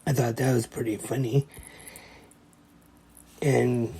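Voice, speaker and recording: A man's voice: medium pitch, flat delivery, dark tone. A man hosting a podcast, retelling a comedy short scene by scene in a plain, casual way. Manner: slow, plain play-by-play retelling. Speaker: podcast host.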